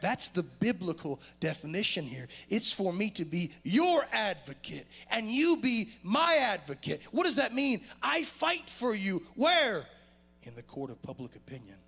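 A man delivers a sermon in a church with a gravelly edge to his voice. His pitch swings widely, climbing for emphasis and falling low for quieter points. His voice sits a touch higher than most men's. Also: normal speed. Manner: animated preaching with sudden loud rises and quiet drops. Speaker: pastor. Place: church sanctuary.

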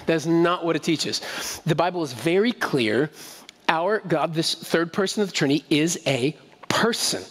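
A man preaching a sermon to his congregation in a relaxed, conversational way, often asking them questions and repeating key phrases. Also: on the high side, moderate pace. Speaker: pastor. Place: church sanctuary. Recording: long reverb of a church hall.

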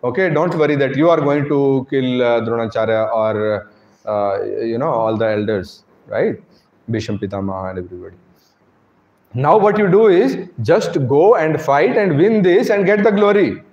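A man's voice: mid-range voice, moderate pace, darkish tone. A man giving a devotional sermon to a congregation, posing rhetorical questions and often tagging on "right?". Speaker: preacher. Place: temple congregation hall. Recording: echoey hall, dull sound.

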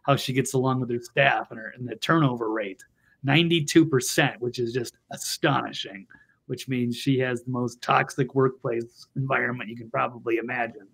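A man's voice: medium pitch, normal speed, vocal fry, fairly bright tone, breathy edge. A man hosting an opinionated political chat show who talks in a blunt, mocking way. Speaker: show host.

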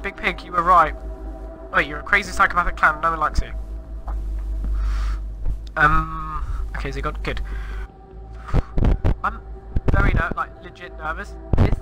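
A man's voice: on the high side, low-quality recording. A man commenting on Minecraft gameplay in a flustered, exclaiming and rambling way. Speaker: gamer.

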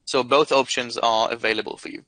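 A man's voice: mid-range voice, steady tone, brisk, fairly bright tone, dry recording, poor audio. A man answering viewer questions in a live webinar, explaining carefully with lots of hesitant fillers. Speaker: product expert answering questions.

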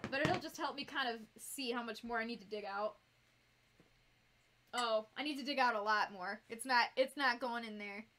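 A woman with a Northern US accent chatting casually on a live stream while she builds a fursuit, bubbly and quick to giggle as she talks to her viewers. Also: fairly high pitch, bright, forceful tone, a little hiss or hum. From United States.

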